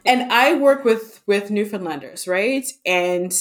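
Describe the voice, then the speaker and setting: A woman hosts a relaxed podcast conversation, her speech chatty and full of fillers. Her pitch sits in a middle range, and her voice is expressive. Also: a little slow. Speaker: podcast host. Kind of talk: casual conversation.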